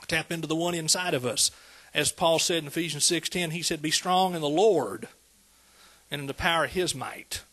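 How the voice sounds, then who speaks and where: A man's voice: fairly high pitch, moderate pace, fairly bright tone. A man preaching a sermon, conversational and calling out to the congregation. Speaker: pastor.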